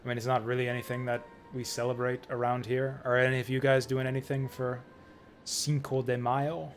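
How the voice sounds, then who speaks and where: A man's voice: medium pitch, little pitch movement, brisk, soft background music. A young man streaming a game, making joking asides and reacting to scenes in casual commentary.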